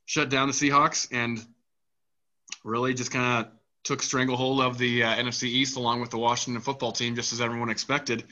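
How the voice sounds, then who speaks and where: Male sports podcast host, bright and pushy tone, chatty and rambling, dull lo-fi recording. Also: medium pitch. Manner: rambling, filler-heavy, animated. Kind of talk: casual sports talk.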